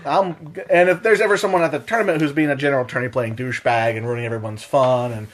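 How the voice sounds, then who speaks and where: A man's voice: mid-range voice, fast talker. A young man co-hosting a podcast, chatting casually, telling stories in a profane, joking way. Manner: profane, joking, animated storytelling. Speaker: podcast co-host. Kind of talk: casual chat.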